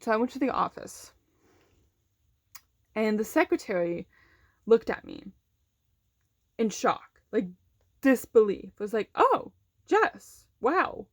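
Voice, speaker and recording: A young woman chats her way through a personal story in a relaxed, rambling way, full of fillers and little restarts. Her pitch sits in the middle range. She sounds close and dry, with no room echo around her. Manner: conversational, many fillers, acts out quoted voices. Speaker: vlogger telling a personal story. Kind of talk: casual storytelling.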